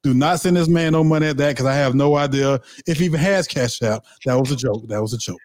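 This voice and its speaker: A man's voice: mid-range voice, fast talker, darkish tone, no room sound, clean studio sound. A man hosting a podcast, joking with his guest and laughing between fillers. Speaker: podcast host. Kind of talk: casual podcast chat. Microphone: remote call.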